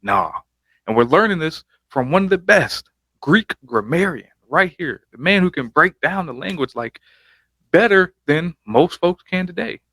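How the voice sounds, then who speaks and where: A man's voice: a little high, animated, measured pace, pushed and bright, breathy edge, no room sound. A man hosting a reaction video, giving casual commentary over clips with emphatic, hyping interjections.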